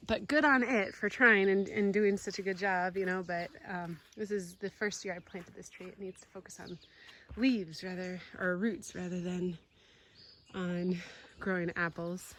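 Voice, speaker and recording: A woman giving a casual tour of her home garden, gushing with excitement and often dropping to a soft whisper. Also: lowish voice, unhurried, a little hiss or hum. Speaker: homestead vlogger.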